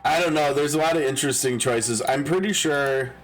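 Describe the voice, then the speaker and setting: A man's voice: mid-range voice, fairly quick, soft background music, low-quality recording. Chuckling, musing male game streamer. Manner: chuckling, musing aloud with restarts. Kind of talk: casual live game-stream commentary.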